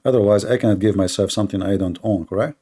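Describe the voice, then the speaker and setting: A man's voice: on the low side, fast talker, dark tone, slightly rough. A man hosting a live online debate, arguing in a sarcastic, combative way. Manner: sarcastic, argumentative. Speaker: debate host.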